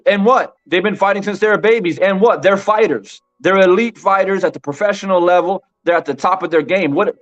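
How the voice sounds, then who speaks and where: A man with a high-pitched, slightly bright voice hosts a live-stream boxing commentary show, speaking emphatically to his chat. He repeats his points and says "bro" a lot. The audio is dull and lo-fi, with faint music.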